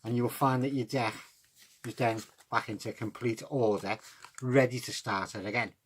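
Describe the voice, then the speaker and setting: A man, talking through a card trick step by step in a relaxed, chatty way. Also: medium pitch, moderate pace, a little hiss or hum. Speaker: card magic tutor.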